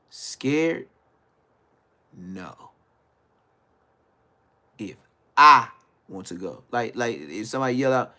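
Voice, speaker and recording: This is a male streamer hosting his own broadcast, going on a blunt, profanity-laced rant that wanders, trails off and restarts, shifting between muttering and shouting. He's expressive but slow, leaving long pauses.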